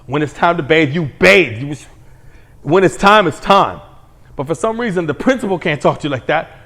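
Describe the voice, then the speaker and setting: Blunt man ranting on his show, high voice that jumps around a lot, crude and heated. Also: animated, moderate pace, vocal fry, fairly bright tone. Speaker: commentary host. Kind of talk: ranting monologue.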